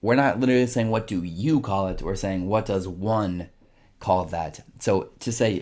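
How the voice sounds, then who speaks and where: A man teaching Italian in a casual lesson, explaining slowly and repeating phrases for learners. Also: deep voice, darkish tone.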